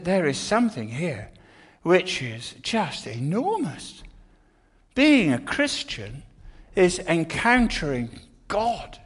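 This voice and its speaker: A man's voice: a little high, a bit bright. An older man preaching an earnest sermon, often restarting his words.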